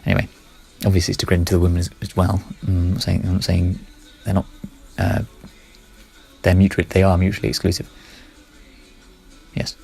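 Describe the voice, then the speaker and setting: A low, gravelly man with a husky edge, talking fast through a casual solo monologue. He rambles, corrects himself mid-sentence and mutters quiet asides. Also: monotone, soft background music.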